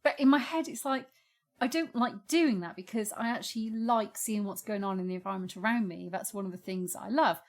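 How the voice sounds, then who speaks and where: Podcast co-host, woman, frank and playful, casual home chat at a mic. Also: mid-range voice. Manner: frank, joking, quick to laugh. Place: home room. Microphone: podcast microphone.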